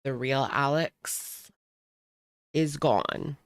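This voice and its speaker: A woman with a very deep voice hosts casual reaction commentary, speaking very slowly and close to the mic at home in a dry recording. She's chatty and sarcastic and leans heavily on "like."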